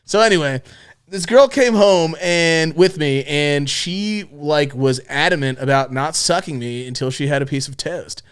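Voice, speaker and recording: A man's voice: a little high, a little slow, clean tone. Profane young man telling a rambling story. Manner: crude, profane, rambling with many fillers. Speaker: podcast host. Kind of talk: casual storytelling.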